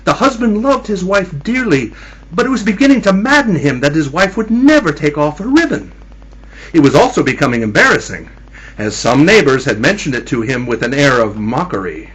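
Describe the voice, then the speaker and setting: A man's voice: fairly high pitch, very animated, fairly quick, a bit bright, husky, rough recording. A man telling a spooky Halloween story in a teasing, theatrical manner, addressing his listeners as kiddies.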